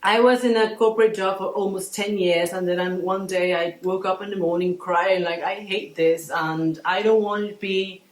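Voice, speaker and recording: A woman in her thirties, a guest artist telling her story in a casual interview, animated and acting out the voices she quotes. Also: medium pitch, normal speed, few pauses. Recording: roomy echo.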